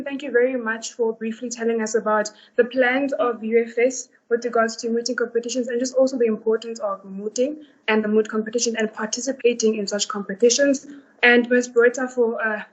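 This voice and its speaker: A young woman delivers a formal, polite vote of thanks over a video call. Her voice is somewhat high, and the call audio sounds dull and lo-fi. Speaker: vice chairperson of a student society.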